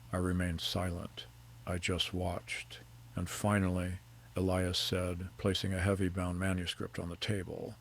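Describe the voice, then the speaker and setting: Gravelly older male storyteller. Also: sits low, a little slow. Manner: calm, steady storytelling. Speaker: narrator. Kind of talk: scripted first-person story narration.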